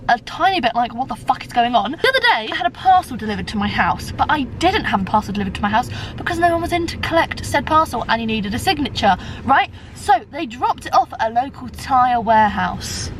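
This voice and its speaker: A young British woman with a high voice chats rambling and self-deprecating to her phone camera. She swears freely while sitting in her car. Road noise hums clearly underneath. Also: poor audio. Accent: British English. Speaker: vlogger. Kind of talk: casual chat to camera.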